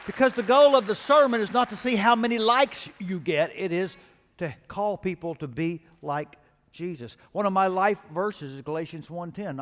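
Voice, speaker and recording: A man's voice: sits high, moderate pace, a bit bright, some chatter behind. A male pastor preaching a sermon in a large church auditorium, telling stories and building to emphatic calls to action. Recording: long reverb of a large church hall.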